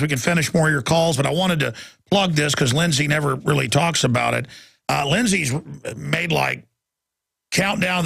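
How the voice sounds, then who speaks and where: A man's voice: fairly high pitch, creaky, a bit bright, dry recording. A man hosting a call-in talk radio show, talking in a rambling, emphatic way with lots of fillers and restarts.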